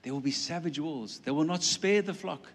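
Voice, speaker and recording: Animated preacher man in a reverberant hall. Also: a little high, moderate pace. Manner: animated, acts out quoted voices, playful asides. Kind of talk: sermon.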